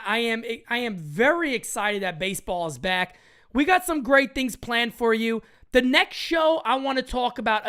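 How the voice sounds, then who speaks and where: Lively high-voiced woman hosting sports talk. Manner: animated, emphatic, greets live chatters. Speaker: sports talk show host. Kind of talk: live-stream sports chat.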